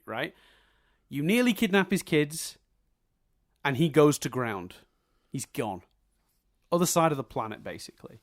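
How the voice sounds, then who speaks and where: A man's voice: mid-range voice, lively intonation, normal speed. A man co-hosting a podcast, ranting about a film with swearing and mocking quoted lines. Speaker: podcast co-host. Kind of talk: casual film review chat.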